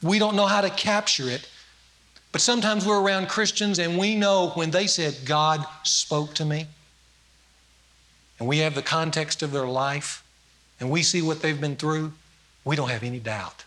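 A man preaching a sermon in a high, ringing voice. He tells stories and acts out quotes, building to emphatic peaks and then dropping low for weight. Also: normal speed, pushed and bright. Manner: storytelling with acted quotes, rising emphasis.

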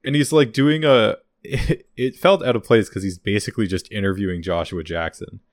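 A man co-hosting a casual podcast chat, rambling and animated, acting out quotes from behind-the-scenes stories. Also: fairly low pitch, normal speed, dry recording, studio quality. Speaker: podcast co-host. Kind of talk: casual chat about a TV show's extras.

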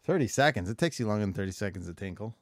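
A man's voice: on the low side, lively intonation, racing, no echo, clean studio sound. A man co-hosting a podcast, rambling and joking casually while filling airtime, swearing freely. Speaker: podcast co-host.

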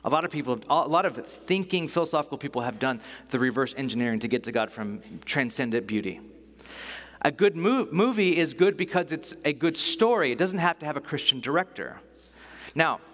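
Enthusiastic preacher in a reverberant hall. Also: male voice, on the high side, animated, moderate pace, a bit bright. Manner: conversational, enthusiastic, with many restarts and fillers. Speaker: pastor. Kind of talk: sermon.

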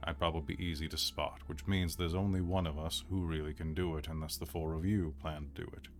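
A man with a very low voice sits at a tabletop game, speaking in character and thinking his plans through out loud. His delivery is easygoing and musing, and faint music plays underneath. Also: steady tone, fast talker. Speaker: player. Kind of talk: in-character tabletop role-play.

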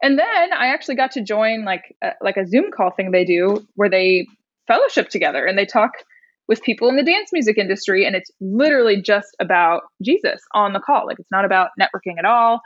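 A woman's voice: medium pitch, a little fast, no room sound, dull audio. A young woman from Indiana in her twenties, telling a story in casual chat and acting out the voices of the people she quotes. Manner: animated storyteller, acts out quoted voices, laughs often. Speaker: podcast guest, songwriter and rapper.

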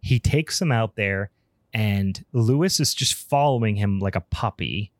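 Low-voiced man rambling through a movie recap. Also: measured pace, no room sound, clean studio sound. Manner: rambling, swears, many fillers. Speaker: podcast co-host.

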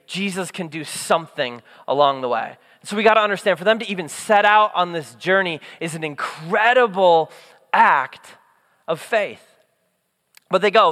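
A young man preaches a sermon with a high-pitched, bright, ringing voice. He tells the story in an animated way and slips into the voices of its characters. The sound carries a long hall reverb. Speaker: pastor.

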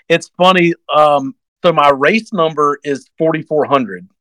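A young man telling a long story on a podcast, rambling and acting out quotes in sudden high-pitched bursts. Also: slow pace, a bit bright, no room sound, rough recording. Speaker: guest race driver.

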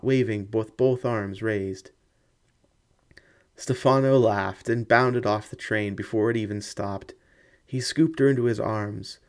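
A man giving measured, dramatic scripted narration of a ghost story audiobook. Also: lowish voice.

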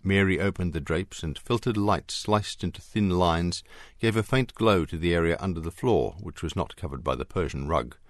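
A man reading an audiobook in a measured, expressive scripted narration. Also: deep voice, dry recording, studio quality.

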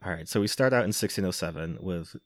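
A low-voiced man recaps a film for a podcast, loose and wry, with frequent "um"s and quick laughs. The sound is dry and close, with hardly any room around him. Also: no room sound. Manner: wry, laughing, filler-heavy. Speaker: podcast host. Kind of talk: casual movie recap.

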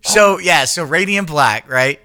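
A man's voice: fairly high pitch, unhurried, pushed and bright. A man co-hosting a podcast, rambling and swearing in casual chat, full of fillers and restarts. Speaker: podcast co-host.

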